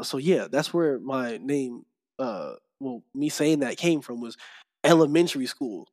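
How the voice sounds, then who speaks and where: Man, podcast guest, casual chat, animated storytelling, laughs often. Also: medium pitch, normal speed.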